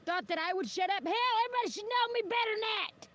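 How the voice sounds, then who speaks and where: High-voiced woman streamer, combative, foul-mouthed, rambling rant. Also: fast talker, fairly bright tone. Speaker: livestreamer. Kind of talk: ranting livestream monologue.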